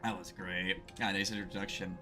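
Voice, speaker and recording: A man's voice: low voice, flat delivery, normal speed, pushed and bright, soft background music. A man hosting a casual streamed interview about a game, upbeat and rambling, with many fillers. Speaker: host.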